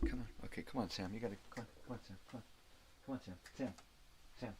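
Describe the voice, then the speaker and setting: Older man with a low voice, cursing and ranting. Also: brisk, pauses often, noisy background. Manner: profane, ranting, talks to his dogs. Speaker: vlog host. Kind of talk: casual morning chat. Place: home with dogs.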